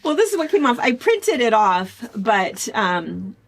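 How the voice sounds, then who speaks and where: A woman from the United States co-hosting a casual chat show, telling stories in an animated, chatty way. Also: on the high side, measured pace, a little hiss or hum. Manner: chatty, animated storytelling with laughs. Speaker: co-host.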